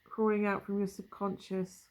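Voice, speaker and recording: This woman reads tarot cards in a relaxed, musing way, thinking aloud and trailing off into asides. Her voice sits at an ordinary middle pitch for a woman, and she talks casually to the viewer from a table at home. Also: normal speed. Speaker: tarot reader. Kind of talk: casual tarot reading to camera.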